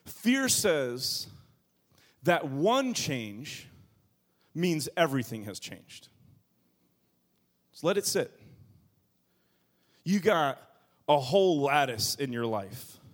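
Animated pastor preaching, voice rising and dropping. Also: male voice, slow, long pauses. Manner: animated, swings from soft low asides to loud high bursts. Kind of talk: sermon. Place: church.

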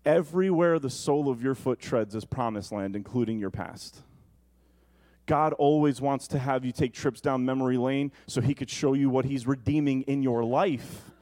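A man preaching a sermon, animated and conversational, often asking the congregation questions. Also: mid-range voice, normal speed.

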